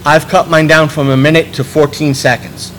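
Casting: talkative male podcaster, a touch high-pitched, faint rumble behind. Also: level tone, normal speed, fairly bright tone, low-quality recording. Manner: chatty, rambling with many restarts. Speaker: podcast host on a panel. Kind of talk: casual panel talk.

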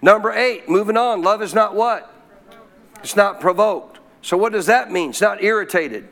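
A man with a high voice preaches a sermon to a congregation. He keeps calling out questions for the room to answer and draws out key phrases slowly for emphasis. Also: gravelly, a bit bright. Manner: call-and-response preaching with frequent questions to the congregation; slows to stress key phrases. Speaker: pastor.

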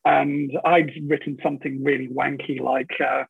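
A man's voice: medium pitch, little pitch movement, moderate pace, gravelly, few pauses, slightly rough. A middle-aged man, a podcast guest, telling a long anecdote in casual chat, with frequent stammered restarts and the odd swear word. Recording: tinny phone-like line.

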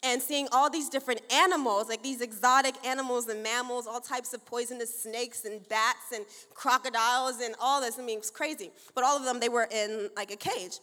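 A woman's voice: on the high side, fairly even intonation, brisk, few pauses, sharp tone. A woman pastor in her thirties preaching in a church, playful and chatty, laughing often and acting out the dialogue in her stories. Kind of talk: sermon opening with church announcements and storytelling. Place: large church auditorium with long reverb. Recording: reverberant hall sound.

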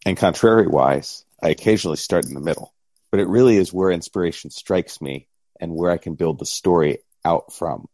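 A middle-aged man with a low, mellow voice talks casually on a podcast. His delivery is easygoing with a dry wit, and the close mic leaves the sound dry and free of room echo. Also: a little fast. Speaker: podcast co-host and game master.

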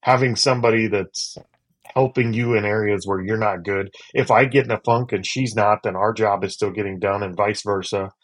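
A man co-hosting a podcast, talking in a relaxed, joking and earnest way. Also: lowish voice, moderate pace. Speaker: podcast co-host. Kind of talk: casual chat.

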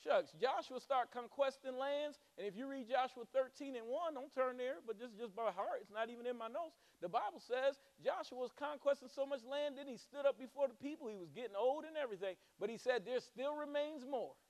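A man's voice: extremely high pitch, a little fast, few pauses. A male pastor preaching a sermon with rising fervor and humorous asides.

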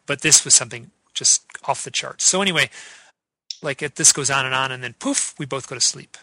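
Male host, gravelly and bright, close dry sound, rambling storyteller. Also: mid-range voice, a little fast, no echo, poor audio. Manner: rambling, many restarts and fillers. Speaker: podcast host. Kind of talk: casual interview chat.

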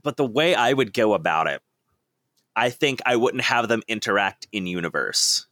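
A man co-hosting a casual podcast chat, excitable and quick to break into impressions. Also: fairly low pitch, no echo. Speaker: podcast co-host.

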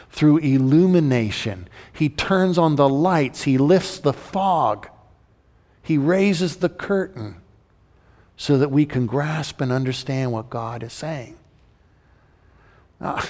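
Earnest preaching man in a reverberant hall. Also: a little high. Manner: earnest preaching, slows to read scripture, rises on questions. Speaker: pastor. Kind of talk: sermon.

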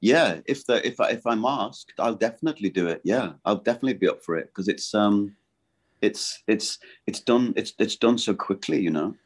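Guest voice actor, middle-aged man, deep low voice, halting and rambling chat. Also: expressive. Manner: rambling, halting and self-correcting. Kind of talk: casual interview chat.

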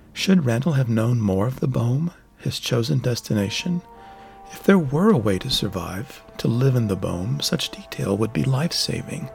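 Male fantasy-audiobook narrator, gravelly, mid-range pitch, measured delivery. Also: a little mellow.

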